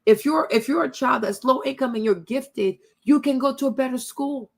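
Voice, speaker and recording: Woman from the ivory coast, young, chatty host, casual storytelling, higher voice. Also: normal speed. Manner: chatty, addresses viewers as y'all, many tag questions.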